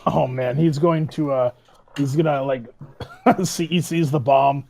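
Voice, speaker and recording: A man playing a tabletop game, animated and laughing as he describes his character. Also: fairly high pitch, unhurried, creaky. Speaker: player. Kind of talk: casual tabletop play.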